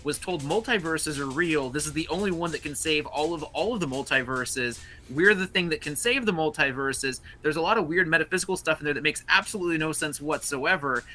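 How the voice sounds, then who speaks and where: A man playing in a tabletop game, recapping events in a casual, hurried way. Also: a little high, bright, forceful tone, soft background music. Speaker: player.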